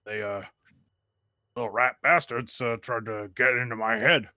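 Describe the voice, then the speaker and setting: A man at a tabletop game thinking out loud, stumbling over ums and uhs. His voice is bright and the recording is dry and close. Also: medium pitch, steady tone, normal speed, dry recording. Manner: hesitant, many "um" and "uh". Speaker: player. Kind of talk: tabletop game play, casual chat.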